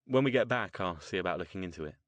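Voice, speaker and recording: A man voicing a composed middle-aged occult mage who speaks in a measured and wry way. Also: deep voice, animated, dry recording.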